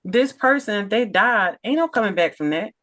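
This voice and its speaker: An emphatic middle-aged woman tells her stories on a podcast in a voice of ordinary pitch. She is animated and acts out each line of dialogue. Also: moderate pace. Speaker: nurse and business owner, podcast guest. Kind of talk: casual storytelling interview.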